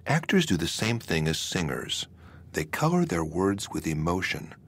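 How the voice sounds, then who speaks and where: Husky-voiced man narrating a lesson. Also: low voice, big pitch swings. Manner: measured, explanatory. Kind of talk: scripted educational narration.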